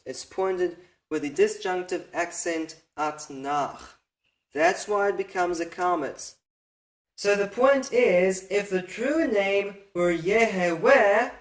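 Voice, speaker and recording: Guy w a high voice going real slow thru a hebrew grammar lesson, patient and methodical. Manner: patient, methodical, repeats key points. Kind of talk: slow explanatory lecture.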